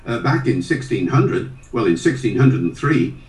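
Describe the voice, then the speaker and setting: A man's voice: mid-range voice, big pitch swings, moderate pace, a little mellow. Older man telling anecdotes, echoey and distant. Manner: storytelling with hesitations and fillers. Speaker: guest, linguist. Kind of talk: anecdotal interview talk. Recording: roomy sound from a distant mic.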